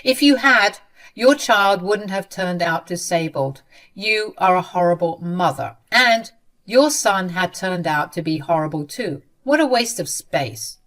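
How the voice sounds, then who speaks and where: Woman reading a spiteful sister-in-law, sneering, cutting, lowish voice. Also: expressive, a little slow, a bit bright. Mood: scornful. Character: cruel bitter woman, sister-in-law, scornful.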